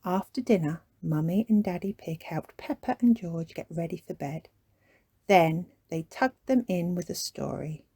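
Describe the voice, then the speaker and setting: A woman reading a children's storybook aloud, gentle and unhurried. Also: lowish voice, slightly rough, no echo, clean studio sound.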